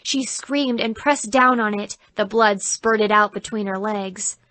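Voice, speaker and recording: A woman narrating an audiobook in an even, clear storytelling voice. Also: mid-range voice, unhurried, no room sound.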